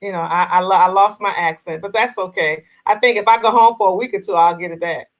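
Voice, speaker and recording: A woman's voice: lowish voice, quick pace, low-quality recording. A woman from New Jersey hosting a casual live talk show over a video call, chatty and encouraging with frequent affirmations.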